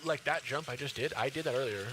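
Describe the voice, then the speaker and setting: A man giving chatty, excitable live commentary while playing a game, tired after an early start. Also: medium pitch, fast, background noise. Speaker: gaming streamer.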